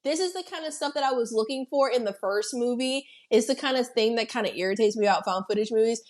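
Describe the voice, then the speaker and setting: A woman podcast host recaps a horror movie in loose, animated chat. Her voice sits a bit high for a woman, and she swears freely as she tells the story. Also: fast. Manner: animated storytelling, heavy swearing, acting out quotes. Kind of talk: casual film recap chat.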